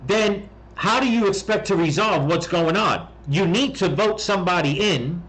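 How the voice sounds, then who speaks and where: A man's voice: fairly high pitch, fairly bright tone, low-quality recording. Blunt, profane male political commentator. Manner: blunt, heated and profane, with frequent restarts and "okay?". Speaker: political commentary channel host.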